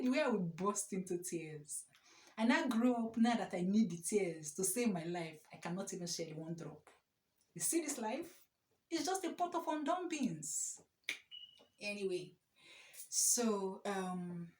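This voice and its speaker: A young woman telling an animated, exclamatory storytime story. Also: mid-range voice. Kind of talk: casual storytime. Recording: echoey room.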